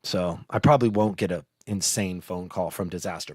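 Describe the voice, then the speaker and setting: A man's voice: fairly low pitch, lively intonation, moderate pace, a little mellow, no echo, studio quality. A man hosting a live podcast, chatting casually, laughing often and swearing a lot. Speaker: podcast host.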